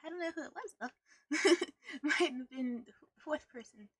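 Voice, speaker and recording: A young woman streamer chatting casually with her viewers, bubbly and giggly, with a slightly rough morning voice. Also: sits high, expressive, normal speed, a bit bright, dry recording, studio quality. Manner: bubbly, giggly, greets chat one by one. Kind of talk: casual live-stream chat.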